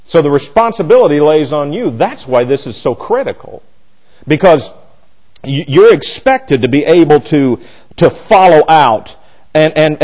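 A man's voice: fairly high pitch, a little mellow, rough recording. Blunt, emphatic male Bible teacher. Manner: blunt and emphatic, with frequent restarts. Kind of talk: Bible class lecture.

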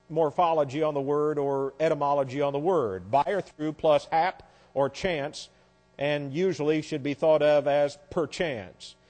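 A man preaching a teaching sermon as a pastor. He talks emphatically and spells words out slowly, letter by letter. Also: on the high side, a little mellow. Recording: reverberant hall sound.

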